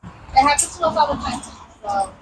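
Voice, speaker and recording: A woman working as a parking officer, talking politely and trying to smooth things over. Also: high voice, expressive, moderate pace. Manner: polite, placating. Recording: loud background noise.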